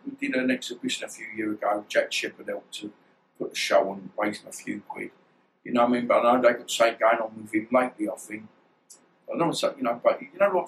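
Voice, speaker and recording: A man's voice: medium pitch, a little hiss or hum, low-quality recording. A middle-aged man, a former boxer, telling stories in a casual interview and often restarting his sentences. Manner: rambling, restarts often, swears.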